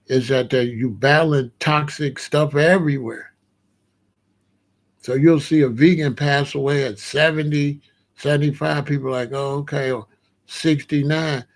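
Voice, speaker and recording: A man talking casually to his viewers in a slangy, emphatic way, his voice sitting a bit higher than most. He keeps stressing his points and often breaks into animated disbelief. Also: a little slow. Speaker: vlogger. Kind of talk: casual monologue to camera.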